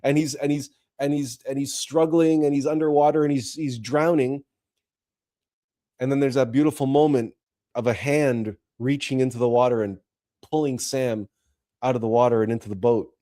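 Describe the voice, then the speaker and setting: A man's voice: medium pitch, steady tone, moderate pace, mellow. A man hosting a spiritual talk show, speaking in an earnest, emotional monologue with frequent repeats and restarts. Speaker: host.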